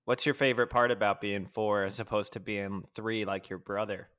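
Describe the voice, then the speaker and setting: A man's voice: fairly low pitch, steady tone, moderate pace, fairly bright tone. A man hosting a casual podcast chat, asking questions in a playful, mock-serious way. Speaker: podcast host.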